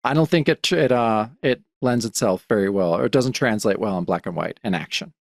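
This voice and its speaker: A man's voice: on the low side, fairly quick, vocal fry, no echo, studio quality. A man co-hosting a podcast about comics, chatting casually and rambling with many restarts. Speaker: podcast co-host.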